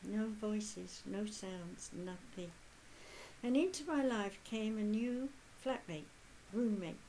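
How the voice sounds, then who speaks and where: A woman in her eighties speaking as a spiritual medium in a channeled talk. She is earnest and measured, with long pauses. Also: medium pitch, dark tone, a little hiss or hum, low-quality recording. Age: 80s.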